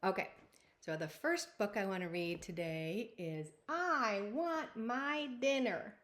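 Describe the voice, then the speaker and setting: Lady reading storybooks to little kids, gentle and patient, takes her time. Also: mid-range voice, lively intonation, takes it slowly. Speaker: storytime reader. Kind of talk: reading a picture book aloud to children.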